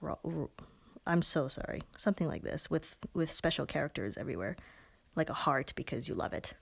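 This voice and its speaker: A woman's voice: low voice, expressive, a little fast, gravelly, breathy edge. A woman hosting a casual live stream from a pen shop, chatty and giggly, with self-mocking asides as she demonstrates inks. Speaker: live-stream host demoing pens and ink.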